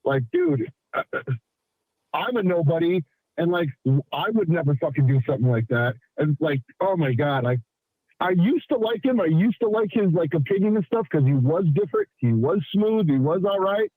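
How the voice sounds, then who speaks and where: A man phoning into a live show, loud and profane, with plenty of fillers. His voice sits a bit high and comes through a thin, dry phone line. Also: very animated, normal speed, no echo. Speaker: caller. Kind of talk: casual call-in talk.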